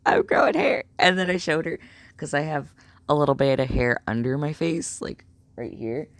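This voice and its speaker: A young man telling a story in a casual vlog, rambling and excitable with lots of fillers. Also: a little high, normal speed, no echo. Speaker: vlogger.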